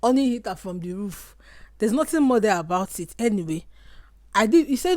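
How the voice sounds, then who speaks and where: A young Nigerian woman with a Nigerian accent, chatting casually to camera and mixing Pidgin asides into her lively storytelling. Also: medium pitch, brisk, no echo, studio quality. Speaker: vlogger.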